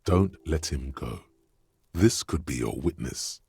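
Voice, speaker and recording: A man voicing the measured inner narrator of a detective video game. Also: very deep voice, expressive, creaky, a little mellow, slightly rough, no echo, full character voice. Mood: ominous.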